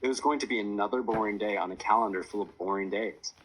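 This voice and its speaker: A man narrating a children's chapter book in a lively storytelling voice. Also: lowish voice, fast talker, a little hiss or hum, rough recording. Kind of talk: audiobook narration.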